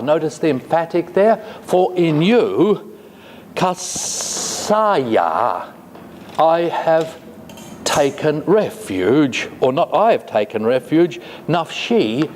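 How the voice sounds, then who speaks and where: A man giving a classroom lecture, speaking deliberately with frequent fillers and reading phrases slowly before explaining them. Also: fairly high pitch, a little mellow. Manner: deliberate, halting with many fillers; reads Hebrew slowly, then glosses it. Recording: echoey hall with faint noise.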